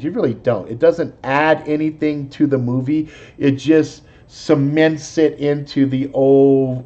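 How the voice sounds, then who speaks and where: A man's voice: mid-range voice, warm tone, highs cut off. A man hosting a live show, chatting casually in a profane, rambling, laid-back way. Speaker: host. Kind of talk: casual chat, movie talk.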